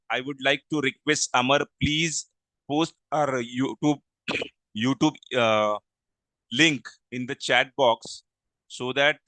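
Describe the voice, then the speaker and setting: Bright-voiced man hosting an online class. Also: mid-range voice, no echo, rough recording. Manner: polite, halting, thanks many attendees. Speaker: webinar host and training manager. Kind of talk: live online class introduction. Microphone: video call microphone.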